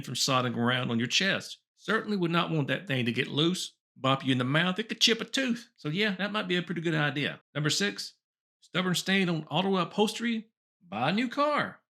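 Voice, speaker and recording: A man's voice: fairly high pitch, a bit bright. A man hosting a comedy show, reading old top ten lists aloud with chuckles and wry asides. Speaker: host.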